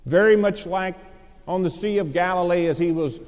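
This male preacher delivers a sermon as a dramatic story, performing the voices of the people in it. He speaks at a moderate pace in a high, slightly mellow voice, captured with long hall reverb.

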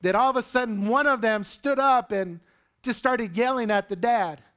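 A man's voice: very high voice, normal speed. A male pastor preaching a sermon to his congregation, telling a story and acting out the voices in it. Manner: animated storytelling, acts out quotes. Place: church sanctuary with congregation.

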